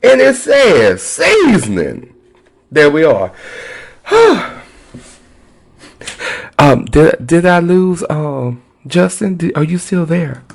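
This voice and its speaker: A man's voice: fairly high pitch, wildly swooping pitch, slow pace, vocal fry, pauses often, breathy edge. A man hosting a podcast in a casual, sassy, playful way. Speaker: podcast host.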